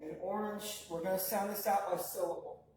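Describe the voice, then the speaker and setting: A man teaching a language class, sounding out words slowly syllable by syllable and correcting learners. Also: high voice, steady tone, a little mellow. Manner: slow, drawn-out pronunciation drills by syllable. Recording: echoey, distant mic with faint noise.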